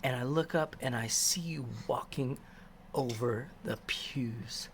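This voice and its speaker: A man's voice: medium pitch, slow pace, background noise. A man casually telling a personal church story, rambling with many fillers and restarts. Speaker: christian storyteller.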